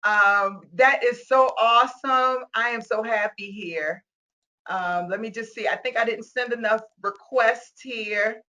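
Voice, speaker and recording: A woman hosting a virtual meet-and-greet over a video call, gushing and excitable, laughing often and close to tears. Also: fairly high pitch, unhurried. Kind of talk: casual video-call chat.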